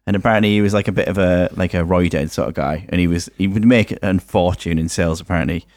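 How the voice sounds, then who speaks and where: A man's voice: sits low, quick pace, darkish tone, no room sound, studio quality. A man co-hosting a podcast, telling stories hesitantly with lots of ums. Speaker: podcast co-host. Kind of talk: casual chat.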